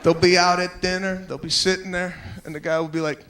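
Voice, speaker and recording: A male stand-up comedian telling stories in an animated, exasperated way, slipping into acted-out voices. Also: sits high, brisk. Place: large theater with a live audience. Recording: live hall recording with crowd laughter.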